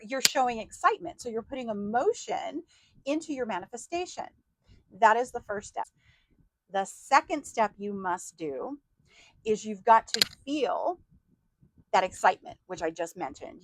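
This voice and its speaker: A woman mindset coach giving an animated motivational talk, acting out excited inner voices. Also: mid-range voice, normal speed, rough recording.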